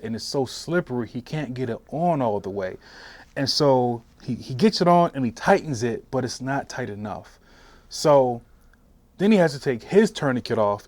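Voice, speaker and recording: A man in his forties, a veteran, telling his story for an oral history interview in a halting way with frequent restarts. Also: medium pitch, no room sound. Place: interview room.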